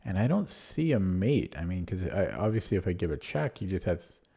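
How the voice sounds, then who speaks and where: A man streaming chess puzzles, thinking aloud with a husky, strained voice, often correcting himself. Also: low-pitched, big pitch swings, warm tone. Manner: muttering, self-correcting, quick laughs.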